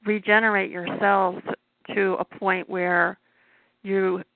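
A middle-aged woman with a gravelly voice, speaking in a measured, insistent way as a herbal health guest on a panel talk show. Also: medium pitch, flat delivery, no room sound. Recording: dry tinny phone-like sound.

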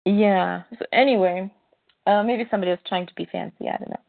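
A woman's voice: mid-range voice, steady tone, brisk, gravelly, no room sound. A woman retelling a comic book in casual chat, reading the lines aloud with small voice changes. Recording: dry tinny phone-like sound.

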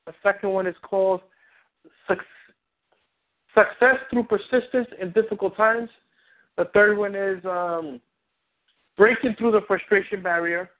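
A man coaching on a phone call, animated and rambling, acting out little scenes. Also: sits high, unhurried, pauses often. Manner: animated, rambling, acts out quotes. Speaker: relationship coach. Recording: tinny phone line.

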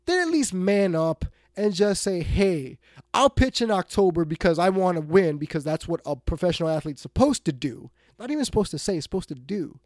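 A man hosting a sports talk radio show, ranting bluntly, swinging between loud outbursts and quiet muttered asides. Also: a little high, no echo, clean studio sound.

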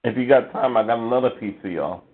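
A man's voice: medium pitch, quick pace, slightly rough. A man calling in to perform spoken word poetry in a rhythmic, wordplay-heavy delivery. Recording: phone line.

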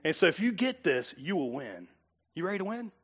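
A man's voice: sits high, big pitch swings, a little fast, a bit bright, breathy edge. A middle-aged man preaching a sermon as pastor in a church, punchy and conversational, full of rhetorical questions.

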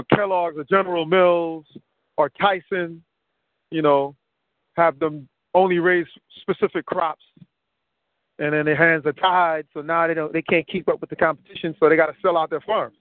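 A man's voice: on the high side, dry recording. A man talking casually on a call, rambling and piling up examples, a bit winded. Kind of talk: casual conversation. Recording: tinny phone line.

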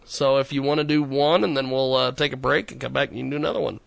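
A man's voice: medium pitch, fairly even intonation, fast talker, creaky. A man hosting a casual studio talk show, rambling with stammered repeats and frequent laughter. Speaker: radio show host.

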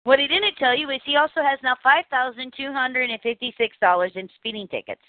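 A woman hosts a podcast and chats casually, telling her stories with animated energy. Her voice comes through a narrow, phone-like line. The sound is dry, with no room echo. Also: high voice, brisk. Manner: chatty, animated storytelling with laughs. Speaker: podcast host. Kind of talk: casual chat.

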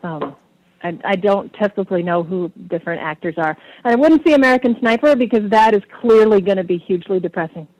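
A woman's voice: mid-range voice, animated, quick pace, darkish tone, dry recording, rough recording. A woman in her forties, a guest on a call-in radio show, answering callers hesitantly and laughing between phrases.

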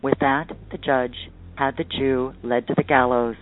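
A man hosting a podcast, reading a fairy tale aloud in a steady, deliberate way. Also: mid-range voice, slight background noise. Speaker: podcast host and storyteller. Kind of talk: storybook reading. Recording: tinny phone-like line, faint music.

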